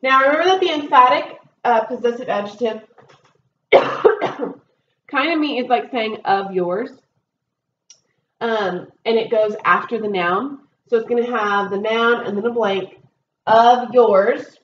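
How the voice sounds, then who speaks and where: A woman's voice: on the high side, a little slow, a bit bright. Woman teacher patiently explaining a test. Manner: patient, explanatory, many ums and okays. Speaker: Spanish teacher. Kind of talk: recorded test review lesson. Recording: dull roomy recording with faint noise.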